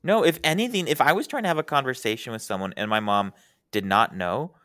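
A woman's voice: a bass voice, quick pace, a bit bright, dry recording, clean studio sound. A young adult woman co-hosting a casual podcast chat, giggly and playful, with lots of "like". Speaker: podcast co-host.

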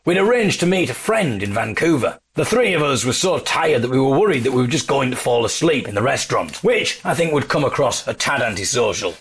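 English guy, wry deadpan audio diary, voice bouncing all over the place, hotel room. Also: mid-range voice, a little hiss or hum. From England. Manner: wry, deadpan storytelling with mock-dramatic emphasis. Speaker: folk musician and audio diarist. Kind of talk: casual spoken diary with dry humour.

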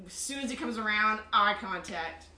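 A woman's voice: medium pitch, lively intonation, normal speed, over a noisy crowd. A woman playing a tabletop game in casual chat, laughing often. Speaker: player. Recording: echoey room, distant mic, voices behind.

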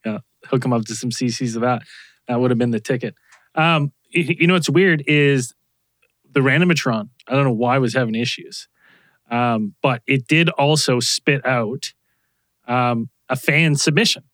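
A man hosting a podcast in a relaxed, casual way, with hesitant fillers as he reads from the chat. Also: medium pitch, moderate pace, no echo. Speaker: podcast host.

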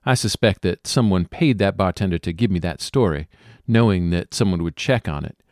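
A man as a player in a tabletop game, explaining in a measured way. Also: low voice, darkish tone, dry recording, studio quality. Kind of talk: tabletop role-play.

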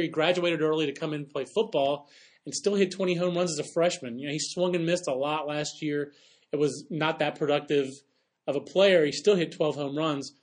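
A man hosting a sports podcast with a voice pitched a bit above the usual. He talks in a quick, chatty way and tosses in playful asides. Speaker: podcast host. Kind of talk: casual sports chat.

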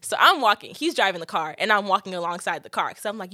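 Animated, dramatic young woman storyteller. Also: medium pitch, quick pace. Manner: dramatic, profane, animated, slips into shrieking quotes. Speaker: vlogger. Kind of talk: casual storytime monologue.

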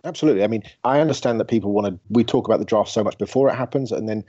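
An Englishman speaking as a podcast guest, fast and relaxed. His voice sits low and mellow. The line sounds muffled. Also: slightly rough. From England. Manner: quick, relaxed, conversational. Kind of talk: casual sports podcast chat.

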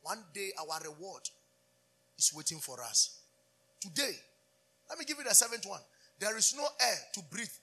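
Preacher man, high bright voice kinda husky, fired up call and response. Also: expressive, normal speed, long pauses. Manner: fervent call-and-response preaching, switching between English and Twi. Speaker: pastor. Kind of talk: sermon.

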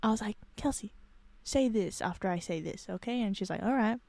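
A young woman chatting on a podcast, playful and teasing. Her voice is dark and mellow, recorded close and dry. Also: mid-range voice, fairly quick, creaky, no room sound. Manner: playful, teasing, breaks into sung rhymes. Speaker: podcast co-host. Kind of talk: casual chat.

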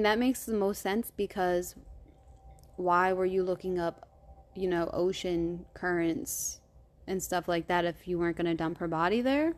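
A woman hosts a true crime podcast and walks through the case in a loose, conversational way. She keeps it lively, swears freely and slips into the voices of the people she quotes. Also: medium pitch. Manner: animated, profane, retells quotes in character. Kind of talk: casual true crime storytelling.

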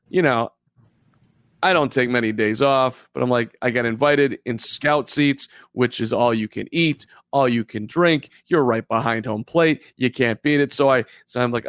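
A man's voice: mid-range voice, a bit bright, clear, resonant tone, no echo. A man co-hosting a live baseball podcast, telling stories in a rambling way and repeating himself. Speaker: podcast co-host. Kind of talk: casual live podcast chat.

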